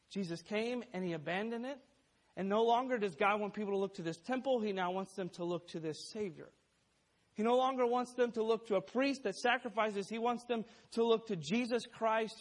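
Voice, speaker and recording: High-voiced emphatic man preaching. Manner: emphatic, numbered points, quotes scripture aloud. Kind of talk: sermon.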